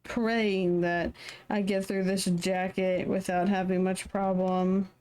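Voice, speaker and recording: A woman's voice: medium pitch, little pitch movement, slow, a little mellow, smooth. A tired woman streaming live, mumbling to herself as she draws. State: tired, yawning. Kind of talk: casual live-stream commentary while drawing.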